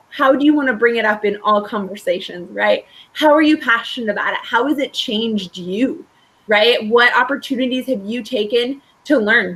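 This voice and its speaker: A woman's voice: on the high side, fairly bright tone, rough recording. A woman school counselor presenting a webinar, talking in a conversational, reassuring way with frequent fillers and tag questions.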